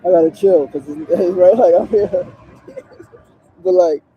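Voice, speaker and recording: A man's voice: high voice, a little slow, highs cut off, slight background noise. A man talking outdoors on a street corner during a casual livestream. He speaks in an earnest, emotional way and swears often. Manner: earnest, emotional, profane and conversational. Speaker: livestream host and community organizer. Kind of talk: casual motivational livestream talk.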